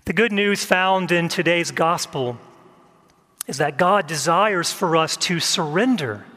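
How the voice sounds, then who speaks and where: Male pastor, gentle slow sermon, high voice, big echo in the church. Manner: gentle, measured, reflective.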